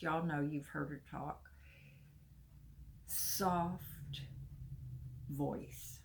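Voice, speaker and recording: Slow, gravelly-voiced woman vlogging. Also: low voice. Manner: chatty, confiding, laughs often. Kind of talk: casual talk to camera.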